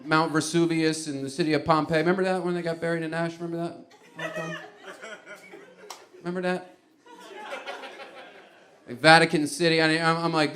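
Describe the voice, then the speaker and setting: A man's voice: fairly high pitch, fairly even intonation, moderate pace, pauses often, a bit bright. A man doing stand-up comedy, telling a rambling, conversational story.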